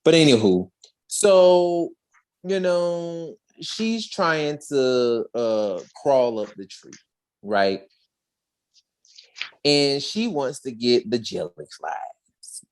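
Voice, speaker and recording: A podcast co-host recapping an episode in a casual, animated way, full of slang and acted-out quotes. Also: mid-range voice, slow.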